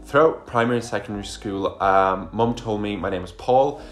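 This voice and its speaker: A man's voice: on the low side, normal speed, faint music behind. A young man, chatting casually through a storytime vlog, full of fillers and asides. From Ireland. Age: young adult. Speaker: vlogger.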